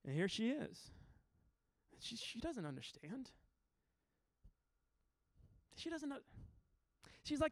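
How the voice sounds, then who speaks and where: A man's voice: very high voice, sing-song, takes it slowly, long pauses, darkish tone, no room sound. Earnest man preaching casually. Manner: earnest and informal, with frequent restarts and fillers. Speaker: pastor. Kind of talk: conversational sermon.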